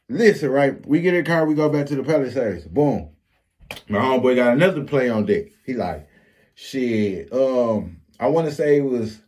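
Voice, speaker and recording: Animated storytelling man from Flint. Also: a little high. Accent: Flint, Michigan. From Flint, Michigan. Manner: animated street storytelling, profane slang. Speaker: storyteller vlogger. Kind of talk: casual storytime monologue.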